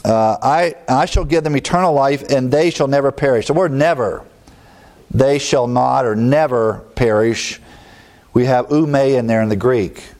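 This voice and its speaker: A man's voice: a little slow, a little mellow. Emphatic preacher man teaching a sermon. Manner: emphatic teaching, leaping up in pitch on key words, chuckling asides. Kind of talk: expository sermon.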